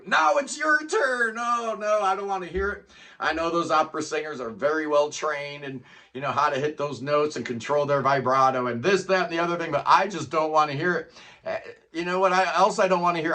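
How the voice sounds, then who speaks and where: A man's voice: mid-range voice, sharp tone. A middle-aged man talking in a casual, rambling solo monologue as a music vlogger, often tacking "man" onto his sentences.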